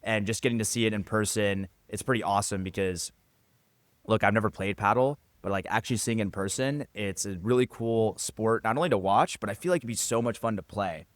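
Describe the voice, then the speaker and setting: A man's voice: on the low side, fairly quick, no room sound. A man co-hosting a podcast, joining in with upbeat, casual banter. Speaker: podcast co-host. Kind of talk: casual chat.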